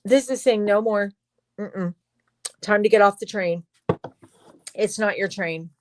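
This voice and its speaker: A woman's voice: medium pitch, a little slow, slight background noise. A young woman giving a livestream tarot reading, talking straight to her viewers in an emphatic way and swearing freely. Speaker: tarot reader.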